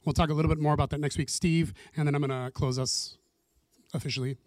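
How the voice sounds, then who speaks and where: A man's voice: a little high, steady tone, fast talker, a little mellow. A man leading a small Bible study group, talking casually and earnestly and acting out his own prayers as he teaches.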